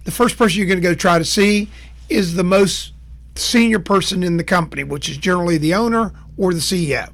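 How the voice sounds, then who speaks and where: A man teaching sales talks to camera in a high, slightly bright voice at a fairly quick pace. As a sales trainer, he explains steps plainly and folksily, acting out short exchanges along the way.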